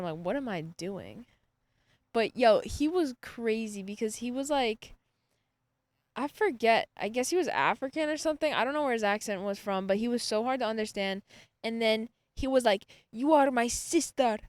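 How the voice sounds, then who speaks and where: A woman's voice: on the high side, fairly quick, no echo. A woman in her twenties hosting a podcast, talking through her day in a rambling, reflective solo monologue full of fillers. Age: 20s. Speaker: podcast host. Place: outdoors in a hammock.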